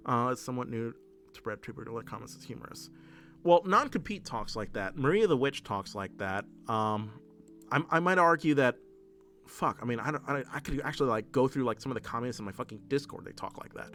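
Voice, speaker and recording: A man ranting on a livestream at a middle pitch, heated and cursing freely, tripping over his words and restarting sentences as he argues. Faint music plays under his voice. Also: expressive, brisk, fairly bright tone. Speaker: political streamer. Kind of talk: livestream commentary, reading chat.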